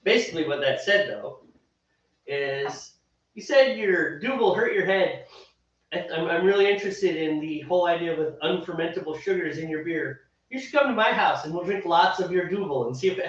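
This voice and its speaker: A man's voice: on the high side, lively intonation. A man co-hosting a homebrewing show, chatting casually and teasing his friend. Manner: jokey, teasing, reads aloud in halting German. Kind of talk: casual chat while brewing. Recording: echoey room, far from the mic, dull sound.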